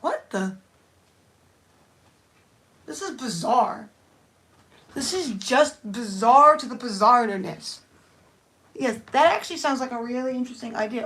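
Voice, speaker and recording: A woman's voice: on the high side, expressive, a little slow, long pauses, a bit bright. Chatty woman livestreaming her nail art. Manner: chatty, rambling, thinks aloud while working. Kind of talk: casual live-stream chat.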